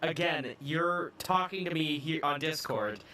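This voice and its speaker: A man's voice: on the high side, a little slow, bright, forceful tone, roomy sound, a little hiss or hum. A man co-hosting a gaming podcast in casual chat, making joking, playful asides. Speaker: podcast co-host.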